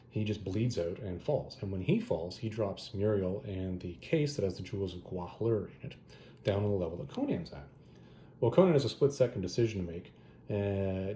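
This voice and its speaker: Guy rambling through a comic review, lowish mellow voice, echoey room. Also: slight background noise. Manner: rambling, animated retelling with self-corrections. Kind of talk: casual story recap and review. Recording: roomy echo.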